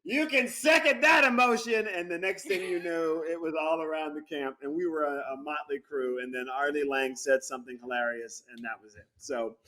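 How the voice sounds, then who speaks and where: A man's voice: fairly high pitch, fairly quick, few pauses. A man chatting as a guest actor over a video call, telling stories with lots of laughter. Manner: animated storyteller, laughs often. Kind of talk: casual interview chat.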